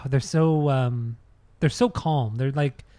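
A man's voice: medium pitch, takes it slowly, dark tone, no echo. A man co-hosting a podcast in casual chat, laid-back and rambling, laughing easily. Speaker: podcast co-host.

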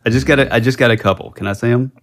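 A man's voice: mid-range voice, very fast. A man co-hosting a podcast in casual chat, rambling along with lots of filler words. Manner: rambling, full of fillers and restarts. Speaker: podcast co-host.

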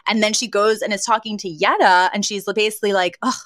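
A woman's voice: mid-range voice, steady tone, quick pace, fairly bright tone, dry recording. Chatty woman with a dry close sound. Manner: chatty, acts out quoted lines, laughs often. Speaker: podcast co-host. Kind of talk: casual chat recapping a sitcom.

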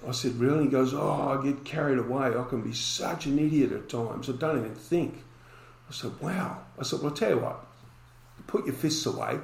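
A man's voice: medium pitch, gravelly, reverberant, poor audio. A man, a podcast guest telling a story and acting out the dialogue in it.

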